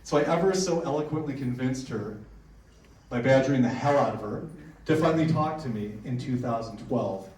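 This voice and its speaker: A man's voice: medium pitch, moderate pace, a little mellow. A man presenting at a conference, telling spooky stories to a packed room in a casual, joking way with frequent restarts. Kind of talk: storytelling talk to a live audience. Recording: echoey room, heard from far off.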